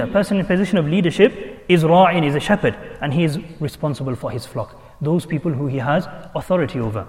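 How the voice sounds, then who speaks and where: A man's voice: fairly high pitch, a little fast. Man preaching with rhetorical questions, echoing hall. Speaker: imam. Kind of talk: sermon.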